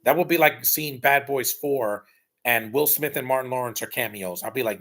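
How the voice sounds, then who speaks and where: A man's voice: medium pitch, normal speed, a bit bright. Blunt, rambling man doing watch-along commentary. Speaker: live movie commentator.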